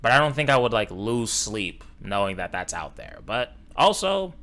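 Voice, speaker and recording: A man's voice: fairly low pitch, big pitch swings, moderate pace, bright, forceful tone. A man from Los Angeles reacting to videos on stream, blunt and mocking, swearing freely. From Los Angeles, USA. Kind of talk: casual reaction commentary.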